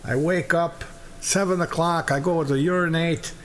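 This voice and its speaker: A man's voice: fairly high pitch, steady tone, normal speed, fairly bright tone, voice pushed up, close to an everyday voice. A man playing a complaining man in his eighties. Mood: grumbling. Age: 80s. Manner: grumbling, complaining. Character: complaining 85-year-old man.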